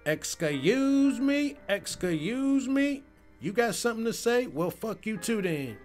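A man's voice: very high-pitched, sing-song, slow, faint music behind, pitched above the performer's own voice, full character voice. A man voicing a fierce, furious middle-aged mother who scolds and threatens with cussing. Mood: angry.

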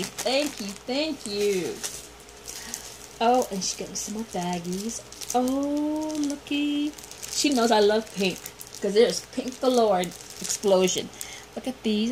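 Slow-talking gushy woman unboxing stuff, gasps a lot, kinda noisy recording. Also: mid-range voice. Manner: gushing, gasping, repeats exclamations. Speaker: vlogger unboxing a gift swap. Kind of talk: excited unboxing chat. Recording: noticeable background noise.

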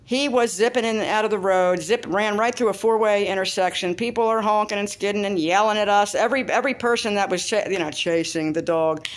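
A woman telling a story in a casual vlog, chatty and animated, breaking into squeaky voices for other people. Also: brisk, few pauses. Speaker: vlogger. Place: outdoors after a walk.

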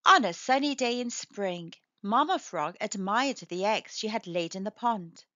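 A woman reading a picture book aloud to young children in an expressive storytelling manner. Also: medium pitch, unhurried, no room sound. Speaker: storybook reader. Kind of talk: children's read-aloud narration. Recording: dry, slightly dull recording.

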